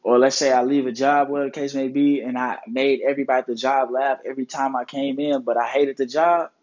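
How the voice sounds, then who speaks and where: A man's voice: mid-range voice, steady tone, fast talker, darkish tone. Man giving earnest motivational talk, lo-fi. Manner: earnest, preachy, heavy swearing and slang. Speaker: podcast host.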